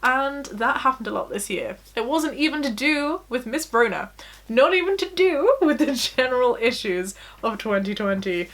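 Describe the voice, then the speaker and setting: A woman's voice: on the high side, moderate pace, a bit bright. A young woman vlogging in a casual, confessional chat, talking openly and laughing at herself. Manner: chatty, giggly, self-deprecating.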